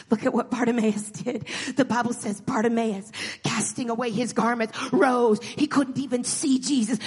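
A woman preacher delivering a sermon in a church hall, moving from quiet storytelling to shouted exhortation. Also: a little high, fairly even intonation, normal speed, husky. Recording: long hall reverb.

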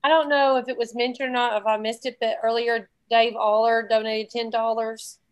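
A woman's voice: on the high side, level tone, normal speed. A woman learning to fly a paramotor, chatting easily in a group conversation. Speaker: student paramotor pilot. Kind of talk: casual group chat.

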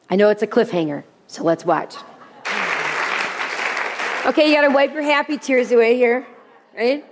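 A woman preaching a sermon with humor, animated, often repeating her key phrases. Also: high-pitched. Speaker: women's speaker. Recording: long hall reverb.

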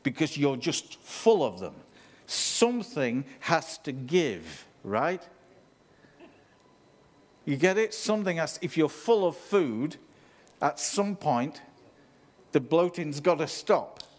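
The sermon comes slowly from a man with a somewhat high voice, animated and conversational, sprinkled with asides to the people listening.

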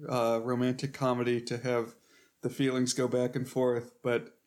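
A man's voice: medium pitch, monotone, moderate pace, a little mellow. Amused male podcast co-host. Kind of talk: casual film discussion.

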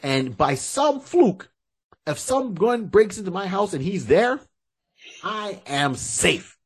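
A man co-hosting a podcast, telling stories in an animated, joking way with frequent restarts. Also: high-pitched, slow pace, husky. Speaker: podcast co-host. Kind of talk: casual podcast chat.

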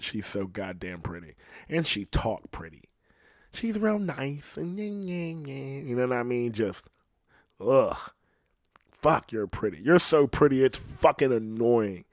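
A man hosting a casual podcast, rambling and swearing freely, swinging between loud outbursts and low muttering into a podcast microphone. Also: dry recording, studio quality. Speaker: podcast host.

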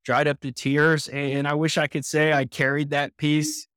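A man's voice: fairly high pitch, little pitch movement, normal speed, fairly bright tone, smooth, no room sound, studio quality. A man in his twenties from Indiana, a podcast guest earnestly recounting his personal story with frequent restarts.

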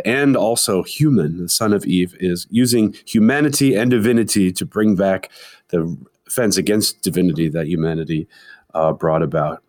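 A man's voice: fairly low pitch, a little mellow. A man co-hosting a podcast in casual discussion, explaining a text and reading passages from it aloud. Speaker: podcast co-host.

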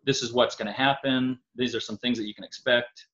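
A man's voice: medium pitch, steady tone, a little fast, fairly bright tone. A man from North Dakota, a javelin thrower, telling long stories in a casual interview with lots of fillers. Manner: rambling storytelling with many fillers. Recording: dull lo-fi audio.

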